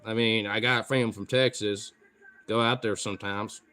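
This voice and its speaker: A man with a Pacific Northwest accent, a streamer chatting casually with viewers, excitable, swearing freely and laughing often. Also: lowish voice, moderate pace. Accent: Pacific Northwest American. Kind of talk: casual chat answering viewer comments.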